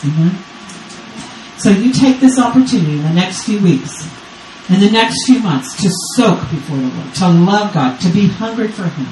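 Texas grandma preaching, repeats herself a lot, calls out to the crowd, sounds echoey and kinda off-mic. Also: female voice, mid-range voice, expressive, normal speed, darkish tone, distant mic, a little hiss or hum. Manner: repetitive, urgent preaching with call-and-response. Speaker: guest preacher. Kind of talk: sermon. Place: church service. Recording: roomy church sound from off-mic.

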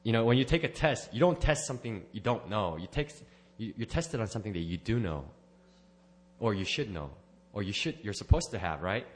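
A man with a fairly low voice tells his personal testimony to a church gathering. He rambles, restarts his sentences and corrects himself, and slips in small laughs. His delivery is unscripted and earnest. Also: animated, a little fast. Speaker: church member giving a testimony.

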